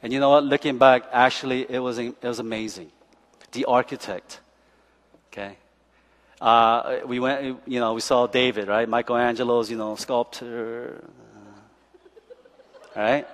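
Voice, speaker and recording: A man preaching a sermon as pastor, animated and joking, often checking in with the congregation by asking "okay?" and "right?". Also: mid-range voice, unhurried, long pauses. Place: church sanctuary. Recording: long church hall reverb.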